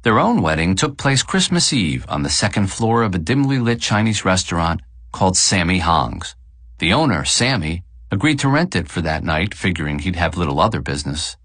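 Male audiobook narrator, very deep voice, lively intonation, dry close sound. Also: no echo. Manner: measured, expressive reading. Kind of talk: scripted narration.

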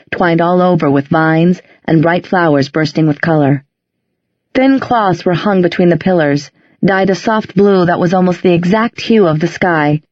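A woman with a low voice narrates a fantasy novel in a measured, descriptive way. The reading is close and dry, with a slightly dull, muffled tone. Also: a little mellow, dry recording. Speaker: audiobook narrator. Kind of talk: scripted narration.

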